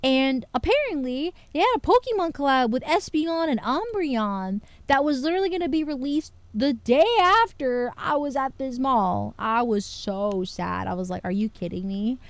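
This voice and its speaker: Chatty, excitable woman streamer. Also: sits high, normal speed, hardly any pauses, no room sound. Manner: chatty, excitable, lots of filler words. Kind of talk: casual chat to stream viewers.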